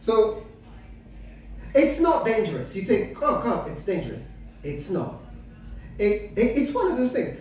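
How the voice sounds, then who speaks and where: A middle-aged man from Afghanistan doing stand-up comedy with dry, deadpan delivery, full of hesitant fillers and some crowd work. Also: high voice, a little slow, pauses often. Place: comedy club stage. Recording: echoey room mic heard from a distance.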